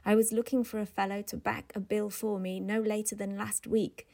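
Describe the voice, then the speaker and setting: A woman reading the part of a blunt, brusque male newspaper editor, gruff and dismissive. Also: mid-range voice, flat delivery, normal speed, a little mellow, close to an everyday voice.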